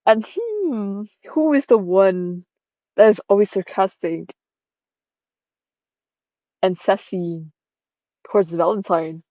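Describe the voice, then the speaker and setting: A woman's voice: lowish voice, a little slow, long pauses, warm tone, no echo, lo-fi sound. A woman streamer giving casual, chatty commentary while reading a story game, giggling and swearing freely.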